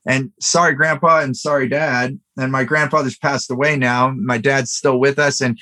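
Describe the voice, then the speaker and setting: A man's voice: mid-range voice, steady tone, moderate pace, bright, forceful tone. A middle-aged man hosting a podcast, telling a personal story in an earnest, motivational way with plenty of fillers. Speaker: podcast host. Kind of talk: casual podcast conversation.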